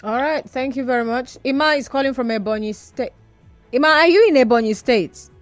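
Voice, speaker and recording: A Nigerian woman hosting a radio phone-in, brisk and firm, arguing back at callers. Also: high voice, no echo, soft background music. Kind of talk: call-in radio talk.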